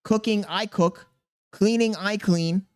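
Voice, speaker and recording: Male streamer in his thirties, a touch high-pitched, reads chat and vents, defensive and exasperated. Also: steady tone, slow, smooth. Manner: exasperated, defensive venting with slang. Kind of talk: live-stream chat reading.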